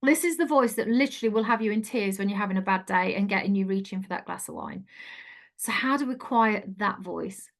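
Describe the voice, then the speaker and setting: Middle-aged woman, life coach, earnest and chatty, mid pitch. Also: fairly quick. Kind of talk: online coaching talk.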